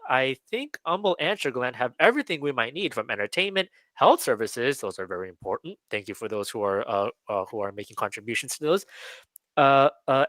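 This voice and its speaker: A young man hosting a live radio talk show, his voice bright and forward, recorded dry and close with no room sound. He hedges and restarts often and leans on fillers as he chats and reads out comments. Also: medium pitch, no echo. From Texas. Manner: hesitant, many fillers and restarts.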